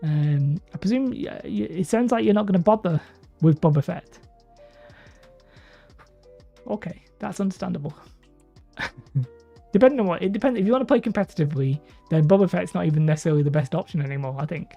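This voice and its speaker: A woman hosts a hobby livestream and chats loosely with viewers, rambling and laughing as she goes. Her voice sits low with a gravelly, mellow tone. The audio is dull and lo-fi, with faint music underneath. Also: animated, a little fast, pauses often. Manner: chatty, rambling, laughs often. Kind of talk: casual livestream chat reading viewer comments.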